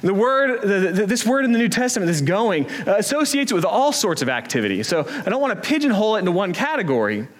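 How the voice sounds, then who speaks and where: A man's voice: high voice, sing-song, fast talker, hardly any pauses. A man preaching a sermon as pastor, earnest and emphatic, with rhetorical questions.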